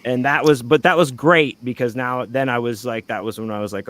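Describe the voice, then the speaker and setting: A man's voice: medium pitch, brisk, fairly bright tone, slight background noise. Rambling, profane male storyteller. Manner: rambling, filler-heavy, profane anecdote telling. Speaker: podcast guest. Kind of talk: casual podcast storytelling.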